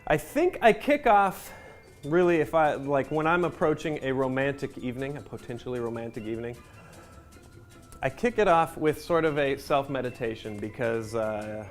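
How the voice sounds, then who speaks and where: A man hosting, reading a question and giving a deadpan, overly earnest answer. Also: mid-range voice, normal speed, soft background music. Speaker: host. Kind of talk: mock-serious answer.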